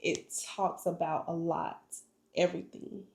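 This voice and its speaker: A woman's voice: fairly low pitch, flat delivery, unhurried, gravelly, darkish tone. A young woman vlogger telling her life story in an earnest, emotional, faith-filled way. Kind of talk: personal storytelling vlog. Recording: echoey room.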